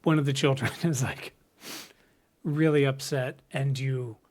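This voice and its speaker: A man's voice: medium pitch, steady tone, a little slow, a little mellow. A middle-aged man co-hosting a podcast in casual chat, telling stories animatedly, swearing freely and acting out quotes. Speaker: podcast co-host.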